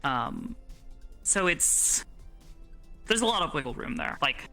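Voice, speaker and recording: Casual roleplay chat, rambling, filler-heavy, bright tone, middle pitch. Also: very animated, slow, creaky, soft background music.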